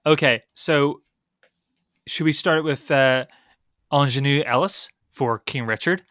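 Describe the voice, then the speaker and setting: A young man with a Northern Irish accent, co-hosting a casual film podcast and giving opinionated, animated critiques. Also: medium pitch, slow pace, dry recording, clean studio sound. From Northern Ireland. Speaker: podcast co-host.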